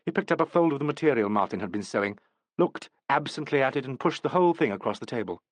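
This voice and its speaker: A man narrating a classic mystery novel as an expressive audiobook reader. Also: mid-range voice, fast, dry recording. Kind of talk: scripted narration.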